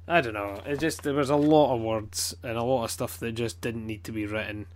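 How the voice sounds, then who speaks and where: A man's voice: medium pitch, steady tone, a little fast, a little mellow. A man with a Scottish accent chatting casually as a podcast co-host, blunt, swearing a lot and rambling with plenty of fillers. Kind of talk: casual chat.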